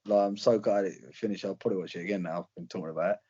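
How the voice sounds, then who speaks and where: A man's voice: sits low, fairly even intonation, racing, warm tone, slightly rough, muffled recording. A young British man, a fighter, chatting casually in an interview, rambling with slang and fillers. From Britain. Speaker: UFC fighter guest.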